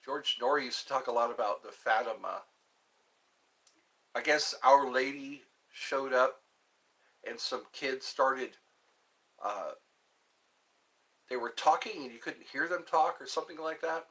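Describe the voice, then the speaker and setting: A man hosting a live stream alone, musing slowly and meandering while he answers viewer chat. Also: medium pitch, a bit bright. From United States.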